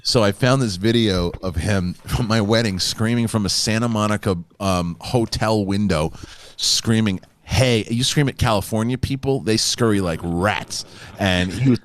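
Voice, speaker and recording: A man hosting a live show, telling stories in a casual, animated way with frequent laughs. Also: on the low side, normal speed, a little hiss or hum. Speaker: host. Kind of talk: casual chat.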